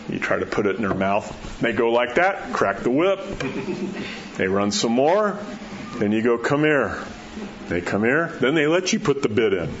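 A man preaching a sermon in a folksy, storytelling way, dropping to a soft hush at key words. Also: mid-range voice, lo-fi sound, background noise. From New Mexico.

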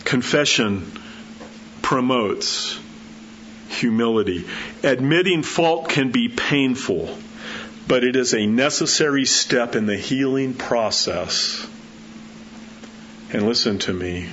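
A middle-aged man preaching a sermon in a conversational, animated way, swinging his voice high for emphasis and for quoted lines. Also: slow, long pauses. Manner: conversational, animated, acts out quotes with rising pitch. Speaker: pastor. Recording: slightly dull sound with faint background noise.

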